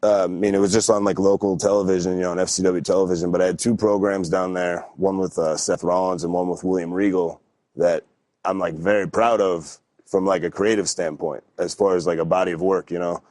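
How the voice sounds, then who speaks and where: Laid-back deep-voiced man telling stories. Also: flat delivery, a little fast, a little mellow, no echo. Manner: laid-back, rambling, lots of fillers and restarts. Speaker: wrestler, podcast guest. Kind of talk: casual storytelling interview.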